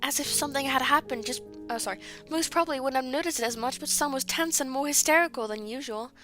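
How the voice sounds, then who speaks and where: A woman with a somewhat high voice reads her friends' old fan fiction aloud on a livestream. She keeps breaking off to giggle, apologize and comment. Music plays clearly behind her. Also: quick pace, fairly bright tone. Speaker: streamer. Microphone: streaming mic. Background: music playing.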